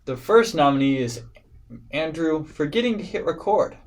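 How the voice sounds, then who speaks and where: A man co-hosting a casual podcast, jokey and excitable, often stumbling over his words. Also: on the high side, normal speed, rough recording. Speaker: podcast co-host. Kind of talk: casual chat.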